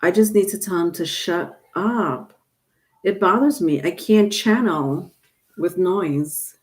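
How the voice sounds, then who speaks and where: A woman's voice: fairly low pitch, takes it slowly. A woman doing a live-stream tarot reading, chatting casually and reading viewer comments aloud. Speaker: tarot reader.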